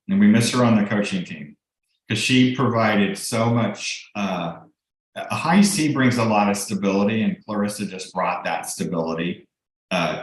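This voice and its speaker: A middle-aged man, a real estate broker and coach, giving a casual, explanatory team training with frequent ums and restarts over a video call. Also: fairly low pitch. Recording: very echoey room.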